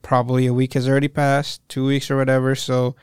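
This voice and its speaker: A young man co-hosting a podcast, casually recapping a show in a profane, animated way and acting out the characters' lines. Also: mid-range voice, quick pace, clean tone, no room sound, studio quality. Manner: profane, animated retelling with quoted voices. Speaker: podcast co-host.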